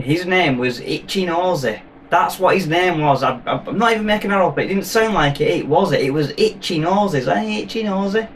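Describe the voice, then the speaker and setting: A man chatting through a film review in a rambling, playful way. His voice sits a little high for a man. It sounds like he's a bit away from the microphone, with a faint hiss of background noise. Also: recorded from a distance. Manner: rambling, jokey, playful asides. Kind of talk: casual film review chat.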